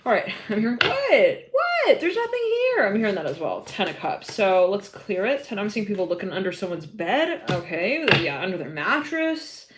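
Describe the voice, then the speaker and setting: A woman reads tarot live, rambling and giggling, stacking up fillers as she goes. Her pitch sits mid-range, and a steady hiss of noise runs beneath her voice. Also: a little fast, hardly any pauses. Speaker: tarot reader. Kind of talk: live tarot reading stream.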